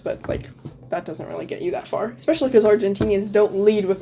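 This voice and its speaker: A woman's voice: mid-range voice, fairly even intonation, fairly quick, warm tone, a little hiss or hum. A teenage girl talking casually as an interview guest about her exchange year, full of "um" and "like" fillers. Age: teens. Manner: chatty, many "um" and "like" fillers, laughs often. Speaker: guest, returned exchange student.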